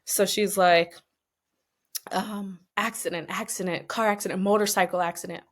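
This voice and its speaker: A young adult woman telling a personal story as a podcast guest, chatty and expressive with many fillers, at times moved to tears. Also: mid-range voice, moderate pace. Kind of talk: casual, emotional storytelling.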